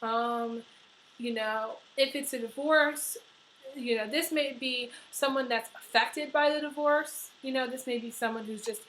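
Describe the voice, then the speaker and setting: A middle-aged woman giving a casual tarot reading, blunt and chatty, swearing freely and filling pauses with "you know". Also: a little high, fairly bright tone, a little hiss or hum, rough recording. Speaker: tarot reader.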